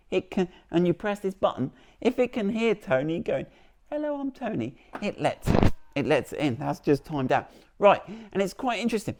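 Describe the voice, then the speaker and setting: A man's voice: sits high, a little mellow. A man presenting a car vlog outdoors beside the vehicle, chatty and jokey, rambling with restarts as he demonstrates.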